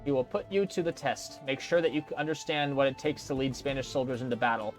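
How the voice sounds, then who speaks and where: A man's voice: medium pitch, fast talker, close to an everyday voice. A pompous colonial governor, as a man reads him out lectures and commands with cold condescension. He scolds and gives orders from behind his desk. Faint game music plays underneath. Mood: imperious.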